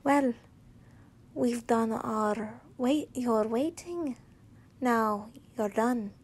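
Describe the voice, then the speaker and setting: A woman voicing a loving young wife who narrates the story, gentle and halting, often correcting herself mid-line. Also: a little high, breathy edge, heavily acted. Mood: tender.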